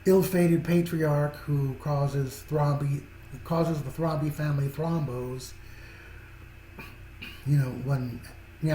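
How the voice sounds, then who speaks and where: A man talks through a film review in a loose, rambling way, doubling back and repeating himself as he goes. His voice is mellow and slightly raised in pitch. The room is echoey, with a faint hiss behind him. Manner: rambling, repeats and restarts phrases, chuckles often. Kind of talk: casual spoken film review.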